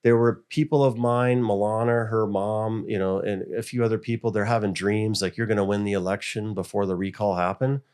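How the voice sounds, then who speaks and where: A man's voice: lowish voice, fairly quick, hardly any pauses, smooth. A middle-aged American man, a school board member, telling stories in a casual interview and acting out the voices he quotes. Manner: animated, acts out quoted voices.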